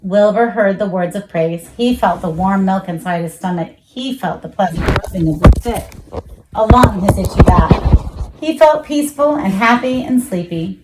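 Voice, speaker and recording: A woman reading a children's storybook aloud, expressive, jumping high for the animal voices. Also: moderate pace, background noise. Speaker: children's book reader.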